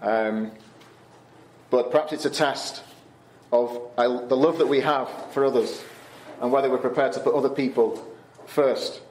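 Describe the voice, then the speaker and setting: A man's voice: mid-range voice, fairly even intonation, a little slow, pauses often, a little mellow, roomy sound, a little hiss or hum. A man speaking as a camp speaker, giving a conversational Bible talk to teenagers, with fillers and restarts. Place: Canada.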